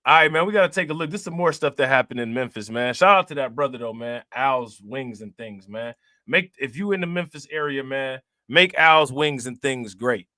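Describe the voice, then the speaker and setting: A male host chatting through crime news in loose, slangy talk, laughing often and shouting out his viewers. His voice is sharp and bright. The sound is close and dry, with no room around it. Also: mid-range voice, expressive, moderate pace, few pauses, no echo. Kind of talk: casual reaction commentary.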